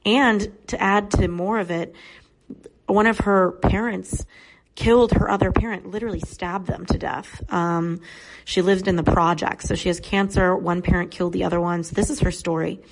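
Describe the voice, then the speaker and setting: Creaky low-voiced woman telling a story. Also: fairly even intonation, moderate pace. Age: 30s. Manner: earnest, reflective storyteller. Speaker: podcast guest. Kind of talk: personal storytelling in a podcast conversation.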